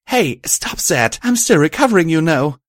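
A man doing a tiny sweet mare pony, soft voice, high-pitched, storybook reading. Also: very animated, moderate pace, dry recording, studio quality. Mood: indignant. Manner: soft, tender delivery. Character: small young female pony, gentle and loving.

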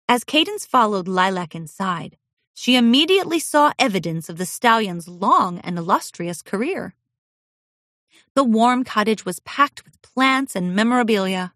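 A woman narrating a children's storybook aloud in an expressive, animated reading style. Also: medium pitch, normal speed, no echo, clean studio sound.

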